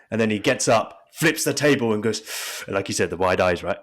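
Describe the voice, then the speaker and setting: A man's voice: lowish voice, expressive, fairly quick, hardly any pauses, a bit bright. A man co-hosting a podcast, chatty and eager, laughing often. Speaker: podcast co-host. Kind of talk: casual chat.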